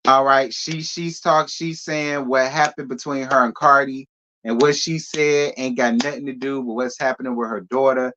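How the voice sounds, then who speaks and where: A sassy man dishing celebrity gossip straight to his viewers, his voice sitting at an everyday middle pitch. The sound is dull and lo-fi. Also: level tone, normal speed, pushed and bright. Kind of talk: casual gossip commentary.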